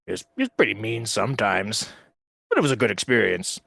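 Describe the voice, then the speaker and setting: Young male orc voiced by a player, halting, gravelly, lowish voice, dry sound. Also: wildly swooping pitch, a bit bright, dry recording, heavily acted. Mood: earnest. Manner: halting, repeats words, plain speech. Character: young male orc wanderer telling his past. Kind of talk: in-character backstory in a tabletop game.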